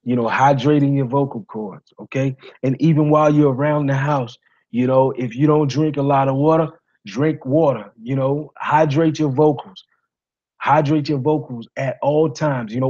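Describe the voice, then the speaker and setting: A man with a raspy voice giving a casual singing lesson to viewers, rambling, repeating himself and saying "you know" and "guys" often. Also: medium pitch, normal speed, a little mellow, muffled recording. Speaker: singing coach.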